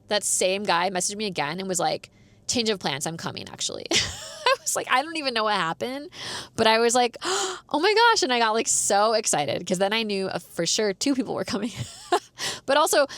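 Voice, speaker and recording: Chatty young woman with vocal fry. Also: fairly low pitch, fairly bright tone, no room sound. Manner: chatty, says "like" a lot, laughs often. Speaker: podcast host and dance teacher. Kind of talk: casual storytelling.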